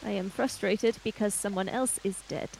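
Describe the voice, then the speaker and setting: A woman's voice: medium pitch, moderate pace, creaky, a little mellow, a little hiss or hum, natural voice, poor audio. A woman voicing a proud swordswoman who speaks in short, clipped, cold lines. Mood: terse. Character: terse, proud swordswoman, young adult woman.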